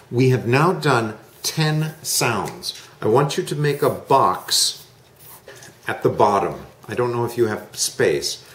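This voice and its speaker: A man teaching English pronunciation in a one-to-one lesson, modelling sounds slowly and patiently. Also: medium pitch, reverberant.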